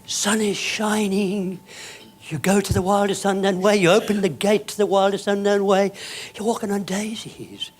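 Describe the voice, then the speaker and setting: A man giving a dramatic, emphatic motivational speech to an audience, with sudden soft drops and loud bursts. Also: high voice, steady tone, normal speed, noisy background. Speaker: keynote speaker.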